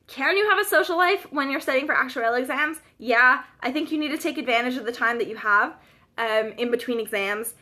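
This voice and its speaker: A woman's voice: sits high, brisk, bright, forceful tone. A Canadian woman in her twenties, chatting casually and self-deprecatingly to viewers of her live-stream vlog. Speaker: vlogger.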